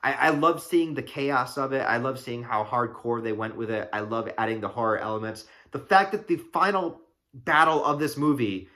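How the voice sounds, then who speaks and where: An excitable young man talks through a movie review in a loose, rambling way, full of fillers and curses. His voice has a bright, forceful edge. He sounds like he's chatting straight to his viewers. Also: mid-range voice, moderate pace. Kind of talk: casual spoiler review.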